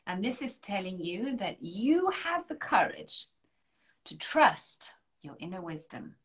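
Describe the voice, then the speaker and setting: A woman, a spiritual coach, doing a live-stream angel card reading, gently encouraging viewers and leading affirmations aloud. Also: medium pitch, big pitch swings, takes it slowly.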